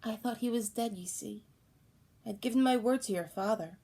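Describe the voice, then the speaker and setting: A woman's voice: on the high side, moderate pace, mellow. Woman reading as a young princess bride, anxious, pleading, commanding, storybook. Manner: pleading, commanding when pressed.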